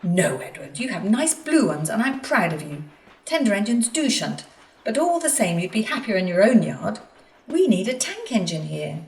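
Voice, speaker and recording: The Fat Controller, a stern railway boss. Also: female voice, mid-range voice, very animated, creaky, darkish tone, voice pushed up. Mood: kind. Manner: brisk and commanding. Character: stern portly railway boss, fussy but fair. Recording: echoey room, distant mic, faint music.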